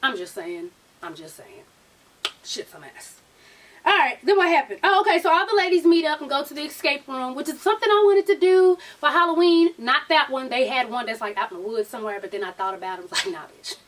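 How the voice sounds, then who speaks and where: A woman's voice: high-pitched, expressive, a little fast, fairly bright tone, recorded from a distance. A woman recapping a reality show in casual, profane, sassy chat, often acting out what the cast said. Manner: sassy, profane, laughing, acts out the cast's lines.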